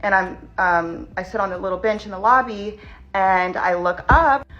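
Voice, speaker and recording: A woman in a storytime vlog, shaken and tense, rushing through her retelling with lots of "like". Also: medium pitch, a bit bright, highs cut off. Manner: tense, rushed retelling full of "like". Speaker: vlogger.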